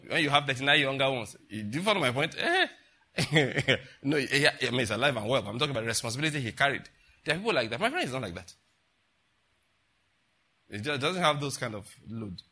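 Older pastor, rambly sermon, keeps asking the crowd questions, bright kinda husky voice. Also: male voice, medium pitch. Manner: rambling, chatty, asks the audience rhetorical questions. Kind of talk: conversational sermon.

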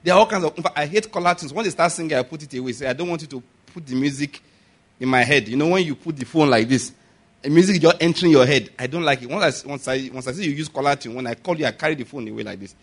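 Animated Nigerian preacher, slightly high voice. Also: male voice, fast talker. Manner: animated, laughs often, rhetorical questions to the congregation. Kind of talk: sermon.

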